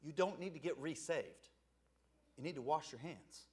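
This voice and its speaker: Lively high-voiced man preaching a sermon. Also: normal speed, breathy edge. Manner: conversational, asks "right?" often, laughs at himself. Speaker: evangelist preacher.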